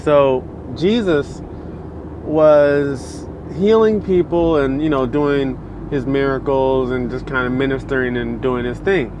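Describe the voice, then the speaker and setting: A man's voice: medium pitch, steady tone, takes it slowly, background noise. A man preaching in a casual, conversational way, filling his talk with "you know" and "like". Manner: conversational and loose, many fillers like "you know" and "like".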